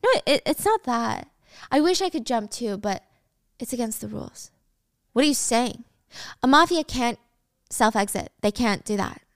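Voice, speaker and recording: A woman voicing a calm, fearless teenage schoolgirl who speaks flatly and coolly. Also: on the high side, moderate pace, long pauses, no room sound, studio quality. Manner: flat, calm, unafraid. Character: cold, fearless teen schoolgirl.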